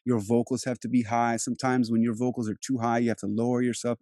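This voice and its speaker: A man's voice: medium pitch, little pitch movement, fast talker, mellow, dry recording, clean studio sound. A man raised in Europe, an actor, talking in a loose, rambling casual conversation with many restarts. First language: Turkish. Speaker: actor and host.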